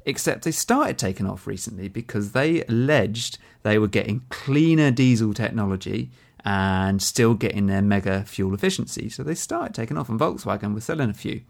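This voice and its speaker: A man's voice: fairly low pitch, expressive, moderate pace, vocal fry. A man co-hosting a podcast, explaining a news story step by step in a casual chat, with many ums. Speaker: podcast co-host.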